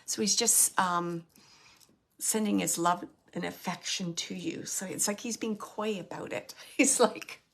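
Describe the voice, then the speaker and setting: Woman medium, bright clear voice, hesitant and filler-laden, passing on messages during a live reading. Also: medium pitch, steady tone. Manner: halting, filler-heavy, relays spirit's words.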